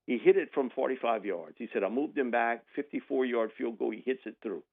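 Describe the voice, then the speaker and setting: A man with a medium-pitched, creaky voice speaks briskly as a guest on the radio, his audio coming through a tinny phone line. Telling a sports story, he animatedly acts out the people involved, imitating their voices with laughs.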